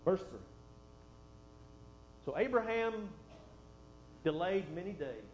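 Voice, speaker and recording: Male pastor, high voice, folksy asides, dull roomy recording with faint hum. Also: expressive, slow. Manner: folksy, conversational asides, drops soft then swells for emphasis. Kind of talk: sermon with scripture reading.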